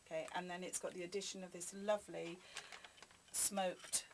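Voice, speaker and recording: A woman's voice: lowish voice, level tone, moderate pace, background noise. Woman explaining a recipe, hesitant. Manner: gentle explaining, hesitant with ums. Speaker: studio cooking guest. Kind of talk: cooking demonstration chat. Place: radio studio.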